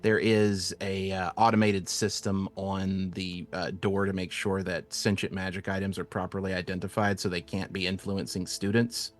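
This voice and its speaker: Low-voiced male game master, rambling. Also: flat delivery, normal speed, few pauses. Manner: casual, rambling with frequent uhs. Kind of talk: narrating a tabletop game.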